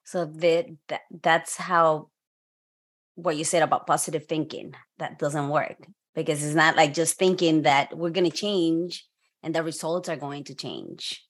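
A woman's voice: low-pitched, measured pace. A woman hosting an interview, chatting casually and laughing often at herself. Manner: laughs often, self-deprecating. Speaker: podcast host.

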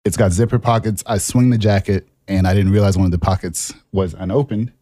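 A man co-hosting a podcast, telling a personal story in a relaxed, animated way and laughing at himself as he goes. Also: deep voice, brisk, no echo, studio quality. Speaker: podcast co-host. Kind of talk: casual storytelling chat.

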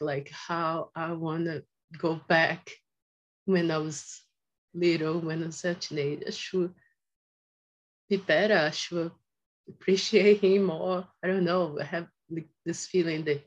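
Slow-spoken woman guest, lo-fi sound. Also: lowish voice, steady tone. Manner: halting, reflective, with repeated phrases and non-native grammar. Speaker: podcast guest. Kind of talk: emotional personal storytelling.

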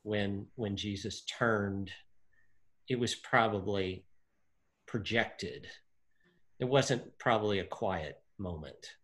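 A man discussing a Bible passage in casual chat, animated, acting out the figures' lines with lots of fillers. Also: lowish voice, takes it slowly, pauses often. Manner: animated, acts out quotes, many fillers.

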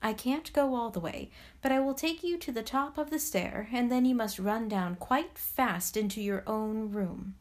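A woman voicing a mysterious, very old grandmother in a storybook reading, calm and gently knowing. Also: a little high, moderate pace, close to an everyday voice. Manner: calm, knowing, softly amused.

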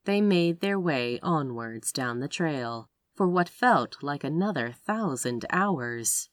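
A woman reading a romance story aloud as narrator, with expressive delivery. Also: slow, hardly any pauses, no room sound, studio quality. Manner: expressive narration with wide pitch swings. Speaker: audiobook narrator.

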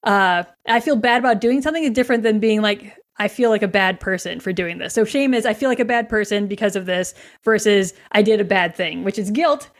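A woman hosting a podcast, talking about her workplace coaching in a chatty, animated way. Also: brisk, hardly any pauses. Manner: chatty, animated, acts out quotes in a higher voice. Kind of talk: casual podcast conversation.

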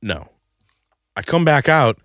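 Crude, animated man telling a story. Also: medium pitch, takes it slowly, dry recording, clean studio sound. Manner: crude, animated, shouts quoted lines. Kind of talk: comedic storytelling.

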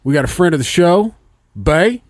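A man's voice: sits high, animated, normal speed, no room sound, studio quality. Joking Indiana man hosting a podcast. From Indianapolis area, USA. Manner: loose, joking, swears freely. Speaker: podcast host. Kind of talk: casual chat. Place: studio.

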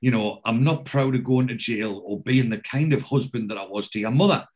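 A man hosting a casual podcast, retelling a TV episode scene by scene and quoting the characters' lines, with a steady "he says" between quotes. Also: mid-range voice, brisk. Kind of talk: casual chat recapping a TV episode.

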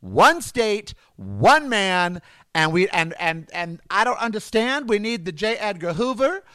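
A man's voice: high-pitched, very animated, a little slow, bright, forceful tone, clean tone, no room sound. A man hosting his podcast in a campy, rambling comedic monologue. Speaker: podcast host.

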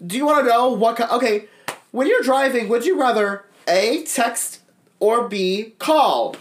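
A man co-hosting a casual podcast, sassy and profane, firing off quick comebacks. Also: extremely high pitch, expressive. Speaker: podcast co-host. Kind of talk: casual chat.

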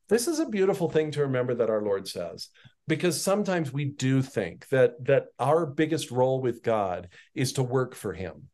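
A man's voice: medium pitch, normal speed. Man giving a conversational Bible teaching. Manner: conversational, animated retelling with asides.

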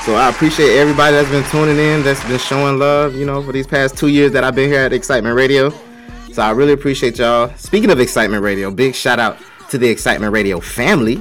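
Loud, hyped man hosting a radio show. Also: medium pitch, quick pace, faint music behind, a faint crowd. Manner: loud, hype, shout-outs to listeners. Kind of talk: casual radio show talk.

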